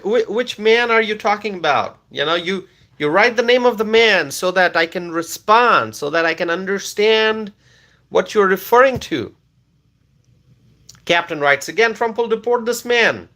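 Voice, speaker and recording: A man originally from Bangladesh hosts a live stream, reading viewer comments aloud in a high, bright, forceful voice. He answers them with repeated questions and laughter.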